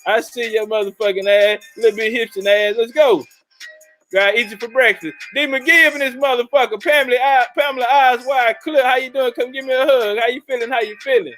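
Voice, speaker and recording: A man hosting a casual livestream, loudly and profanely shouting out viewers and joking with his chat. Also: extremely high pitch, steady tone, a little fast, faint music behind, poor audio. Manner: loud, profane, hyped-up banter with chat. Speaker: livestream host.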